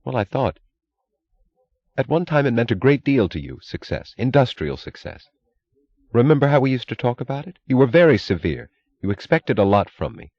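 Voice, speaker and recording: A man's voice: mid-range voice, sing-song, moderate pace, a little mellow, no echo, voice pushed up. Guy reading as a determined woman exec, pleading but precise, dry dull audiobook sound. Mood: earnest. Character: determined woman railroad executive.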